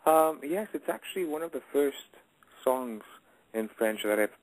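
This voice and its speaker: A man's voice: a little high, expressive, moderate pace, no room sound, poor audio. A man in his late twenties, a guest singer in a casual radio interview, talking hesitantly with many fillers and restarts.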